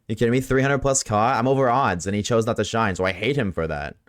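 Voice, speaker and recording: A man streaming a game live, chatting loosely with viewers at a desk mic, swearing often and swinging between a high put-on tone and his lower everyday voice. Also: quick pace. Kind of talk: casual live-stream chat while gaming. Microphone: desk microphone.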